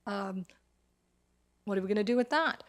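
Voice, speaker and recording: A woman's voice: medium pitch, moderate pace. A woman town councillor speaking in a council meeting, frustrated and emphatic, repeating her points as she objects.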